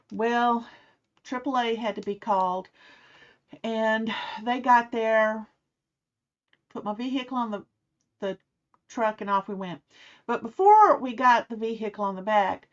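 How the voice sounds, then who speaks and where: A middle-aged woman telling a personal story in a casual way, acting out the people she quotes. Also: on the high side. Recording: slightly muffled, dull sound.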